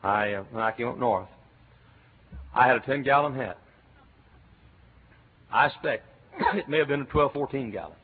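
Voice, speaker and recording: Older male Texan Baptist preacher; folksy anecdotes, sudden loud shouts; thin phone-like audio. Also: medium pitch, moderate pace, pauses often, breathy edge. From Texas. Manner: folksy storytelling, bursts into loud cheers and shouts. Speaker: Baptist pastor. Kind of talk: sermon. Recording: tinny lo-fi sermon recording with faint hiss.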